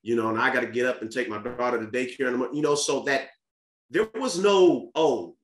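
Talking very fast in a steady, fairly bright, medium-pitched voice, a podcast guest shares a frank story about his family. He comes across earnest and casual, with frequent restarts and repetitions, recorded in an echoing room.

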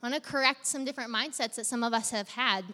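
A woman's voice: fairly high pitch, quick pace, bright, forceful tone. Conversational woman preaching in a reverberant hall. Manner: conversational, engaging congregation with direct questions. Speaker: pastor. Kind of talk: sermon.

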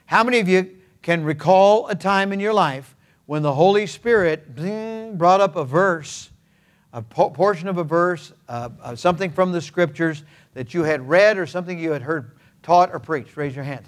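A man preaching a sermon as pastor, in a folksy, conversational way with homespun examples and playful sound words. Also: a little high. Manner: frequent hesitant fillers and restarts.

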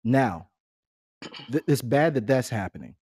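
A man's voice: mid-range voice, very animated, unhurried, darkish tone, breathy edge, no room sound, studio quality. A middle-aged man co-hosting a casual family podcast, talking in a laid-back, rambling way and laughing often. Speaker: podcast co-host.

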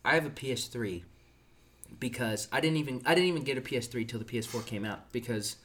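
A man's voice: medium pitch, animated, fast talker, fairly bright tone. A young man co-hosting a casual podcast chat, joking and laughing often. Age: young adult. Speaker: podcast co-host.

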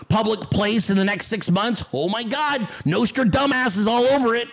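A man's voice: very high voice, expressive, fairly quick, hardly any pauses, low-quality recording. A man hosting a livestream, ranting at his chat with heavy profanity and mocking sarcasm. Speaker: livestream host.

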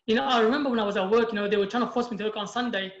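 A man's voice: high-pitched, racing, echoey room, lo-fi sound. A man born in Iraq, a youth group leader, talking as a guest in an emphatic, passionate way and often quoting himself. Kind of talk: casual interview storytelling.

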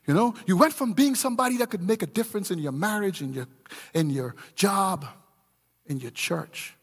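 A middle-aged man preaching a sermon as pastor, swinging from low murmurs to shouted emphasis. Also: creaky, breathy edge. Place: church. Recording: long reverb of a large church hall.

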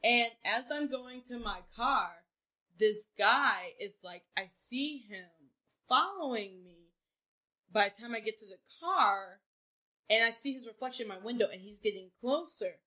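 Woman, bright and forceful tone, a touch high, brash joking co-host. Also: lively intonation, measured pace. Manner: brash, joking, tough talk. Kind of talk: casual storytelling chat.

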